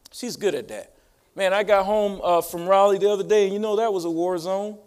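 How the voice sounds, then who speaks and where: A man's voice: high-pitched, moderate pace, darkish tone. A pastor preaching a sermon to his church in call-and-response style. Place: church sanctuary.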